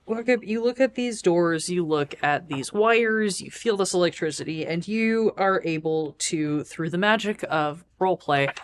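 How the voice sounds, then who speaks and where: Game master, tabletop narration, rambling, lots of fillers, mid pitch. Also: measured pace, hardly any pauses, slight background noise. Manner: loose, filler-heavy narration.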